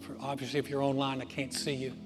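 A man's voice: mid-range voice, monotone. Man preaching in a reverberant auditorium. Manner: earnest storytelling with dramatic pauses, softening to near-whisper. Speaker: pastor. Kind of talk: sermon. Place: church auditorium. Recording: reverberant hall with music behind.

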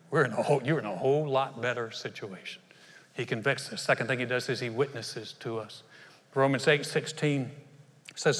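A man preaching a sermon as pastor, animated and acting out short voices in his stories. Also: mid-range voice, in a large hall.

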